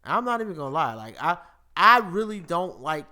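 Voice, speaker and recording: A man hosts a casual live-streamed chat, cursing freely and laughing often. His voice is bright and forward, and his pitch swings widely as he talks. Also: moderate pace. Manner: profane, animated, laughs often. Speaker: podcast host.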